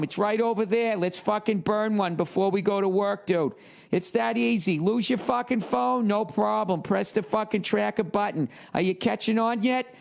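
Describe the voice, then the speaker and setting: A man putting on a brash guy for a comic ad read, swearing constantly with a gravelly voice. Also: sits high, voice pushed up.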